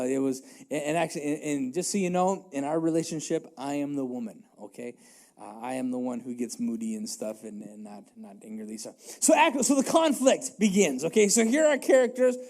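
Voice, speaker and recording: Man, pastor, casual joking sermon, high voice, rambling, lots of restarts and fillers. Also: a little mellow.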